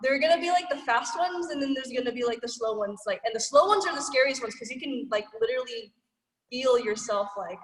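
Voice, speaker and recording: A woman's voice: high-pitched, lively intonation, brisk. Woman, martial arts instructor, chatty, filler-heavy, echoey room, far from mic. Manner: chatty, full of fillers, acts out quotes. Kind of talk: online class instruction. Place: gym, over a video call.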